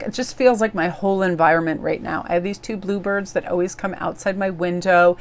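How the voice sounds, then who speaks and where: A woman's voice: fairly low pitch, fairly even intonation, brisk, few pauses. A woman giving a casual daily tarot reading in a bubbly, effusive, chatty way. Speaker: tarot reader.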